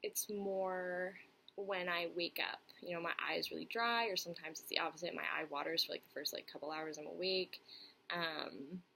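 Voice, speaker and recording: A woman's voice: on the low side, fairly even intonation, moderate pace, vocal fry, pushed and bright, a little hiss or hum, poor audio. A young woman chatting candidly to camera, answering viewer questions with lots of fillers and restarts. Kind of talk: casual chat to camera.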